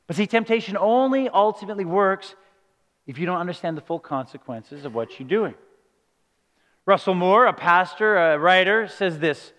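High-voiced preaching man in a reverberant hall. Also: lively intonation, normal speed, fairly bright tone. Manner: earnest preaching, rhetorical questions, rising to emphatic peaks. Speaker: pastor. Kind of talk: sermon.

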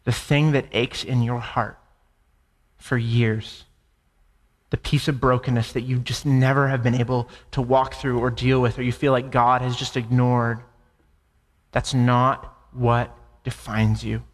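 A man's voice: mid-range voice, flat delivery, a little slow, big-room sound. A man preaching a sermon, impassioned, with repeated phrases and stammered restarts. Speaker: pastor.

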